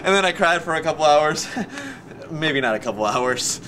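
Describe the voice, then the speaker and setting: An excitable young man in his early twenties tells a story straight to the camera, talking fast and clowning around. His pitch sits a little high and jumps all over the place. Faint noise hums under the recording. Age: young adult. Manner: energetic, fast, jokey, theatrical. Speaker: vlogger. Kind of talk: casual vlog storytelling.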